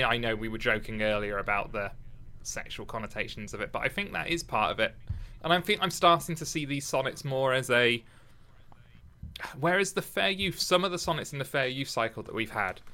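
Male co-host with a bright voice, thinking aloud in a casual literary chat. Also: mid-range voice. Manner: halting, restarts often, thinks aloud. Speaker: podcast co-host discussing poetry.

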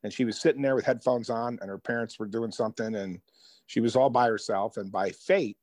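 A man telling personal stories as a guest in an interview, lively and conversational. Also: mid-range voice, brisk, no echo. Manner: animated storyteller, acts out quoted voices. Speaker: author and guest. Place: Hoboken.

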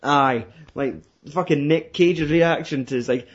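A man's voice: fairly high pitch, unhurried, hardly any pauses, husky. Rambling man, sweary film chat. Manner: sweary, rambling, laughs often, acts out quotes. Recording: muffled lo-fi recording.

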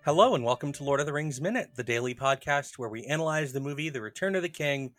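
A man's voice: mid-range voice, expressive, quick pace, fairly bright tone, faint music behind. A man co-hosting a casual podcast, chatting and analyzing a film scene in detail. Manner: chatty, analytical, quotes film lines in mock voices. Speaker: podcast co-host.

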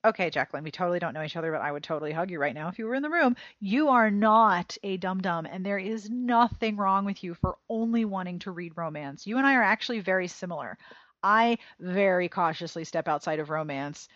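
Expressive woman podcast host, dry lo-fi sound. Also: lowish voice, fairly quick, no echo. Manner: expressive, lively when reading letters, casual swearing. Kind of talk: casual chat reading listener mail aloud. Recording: dry, slightly dull lo-fi sound.

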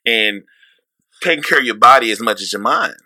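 A man with a St. Louis accent co-hosts a podcast in a loose, rambling chat, laughing often and cursing freely. His voice is very bright and forward. The sound is dry and close, with no room heard behind him. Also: mid-range voice, expressive, a little fast, no echo. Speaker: podcast co-host. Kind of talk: casual chat.

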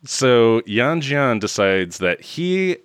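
Lively man recapping a movie. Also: medium pitch, takes it slowly, clear, resonant tone, dry recording, clean studio sound. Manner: animated, laughing, acting out quoted lines. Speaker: podcast co-host. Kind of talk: casual chat recapping a movie.

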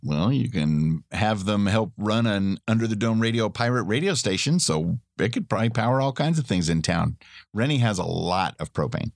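A man's voice: on the low side, expressive, moderate pace, gravelly, no echo, clean studio sound. A man co-hosting a casual TV recap podcast, enthusiastic, laughing often and playing up the drama. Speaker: podcast co-host.

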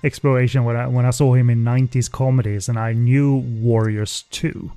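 A man hosting a podcast in casual chat, relaxed and hesitant, with many fillers. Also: medium pitch, moderate pace, no room sound. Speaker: podcast host.

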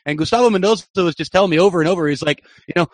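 A young man, a soccer journalist and broadcaster, telling an animated story as a guest on a podcast interview. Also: high voice, rapid-fire, no echo. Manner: animated, excited anecdote-telling.

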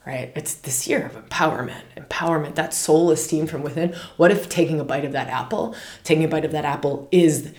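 A woman hosting a spiritual podcast in a casual, animated way, often repeating words and phrases for emphasis. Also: low-pitched, brisk, hardly any pauses. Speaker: podcast host. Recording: roomy echo.

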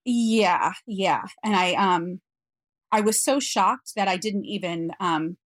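A woman guest on an interview podcast, telling a personal story in an earnest, reflective way with frequent pauses. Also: mid-range voice, no echo.

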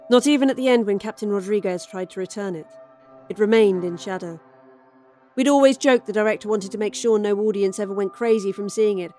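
A woman narrates a first-person horror story in a wry, expressive voice at a middle pitch. Her scripted reading shifts between dry asides and vivid description. A faint music score sits under her reading.

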